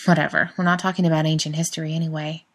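A woman's voice: low voice, little pitch movement, rapid-fire. Storybook role: woman reading a mild, wry male friend, dry and plainspoken. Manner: mild, wry, matter-of-fact.

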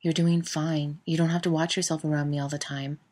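A woman reading the lines of a young adult man, calm, quiet and reassuring. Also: low voice, fairly quick. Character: young adult man, guarded but trusting lover.

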